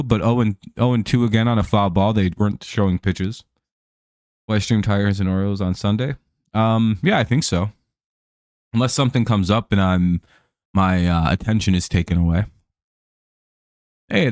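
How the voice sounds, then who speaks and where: With a voice on the low side and a darkish tone, a man hosts a live stream and chats loosely about a baseball game. He rambles through many fillers and restarts, chuckling often, and the sound is clean studio audio with no echo.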